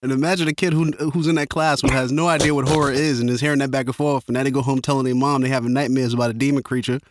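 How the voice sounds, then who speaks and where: A man's voice: mid-range voice, flat delivery, rapid-fire, background noise. A man co-hosting a podcast, joking around and swearing freely in casual chat. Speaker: podcast co-host.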